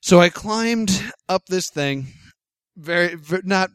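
A young man hosts a casual chat with a lively, swinging delivery. He tells a self-deprecating story, laughs often and acts out what people said. The sound is dry and close. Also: sits high, slow, clear, resonant tone, no echo. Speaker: podcast host.

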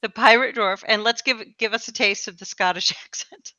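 A woman's voice: a little high, normal speed, sharp tone, dry recording. A woman hosting a casual podcast chat, who often repeats her words as she talks. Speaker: podcast host. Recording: dull, slightly lo-fi dry sound.

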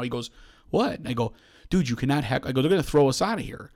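A man's voice: medium pitch, quick pace. A man, hosting a casual podcast chat and telling a long story, acting out the voices of the people in it. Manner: animated, acts out quoted voices, frequent restarts. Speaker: podcast host.

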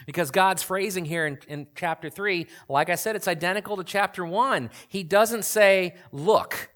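A man's voice: high voice, normal speed, fairly bright tone. Conversational man in his forties preaching. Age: 40s. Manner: conversational, asks the audience questions. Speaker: pastor. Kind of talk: sermon.

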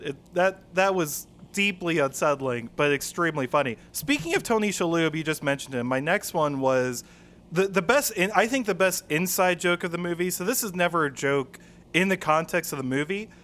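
An enthusiastic man on a casual podcast, recounting favorite movie moments with relish. His voice sits a bit higher than most men's, and he talks in eager, rambling bursts. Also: lively intonation, moderate pace, fairly bright tone. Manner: enthusiastic, retelling scenes with quoted lines. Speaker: podcast co-host. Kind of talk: casual film discussion.

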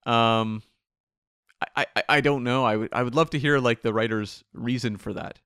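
A man co-hosting a podcast in relaxed, agreeable casual chat, musing aloud. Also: mid-range voice, moderate pace, smooth, dry recording, clean studio sound. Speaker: podcast co-host.

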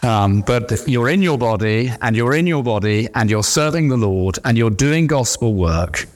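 A man's voice: medium pitch, animated, normal speed. A middle-aged man preaching a sermon, emphatic, with repeated refrains. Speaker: pastor.

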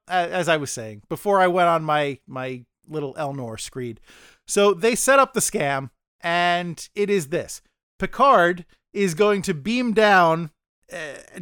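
A man's voice: sits high, animated, unhurried, a bit bright, clean tone, no echo, clean studio sound. A man co-hosting a casual podcast discussion, rambling and often stammering as he restarts his sentences. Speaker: podcast co-host.

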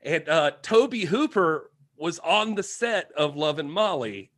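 A male podcast co-host in a casual, joking chat. His voice sits a little high and swings widely in pitch. The sound is dry and close. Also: takes it slowly, no room sound. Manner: animated, jokey, adds asides.

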